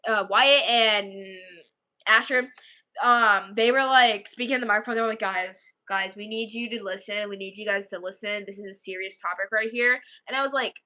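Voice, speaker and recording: A woman chats to her viewers in a bright, sharp-edged voice that sits a little high. She rambles through her stories, packed with fillers, and keeps breaking into giggles. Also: brisk. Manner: rambling, filler-heavy storytelling. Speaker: streamer chatting with viewers. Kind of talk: casual chat.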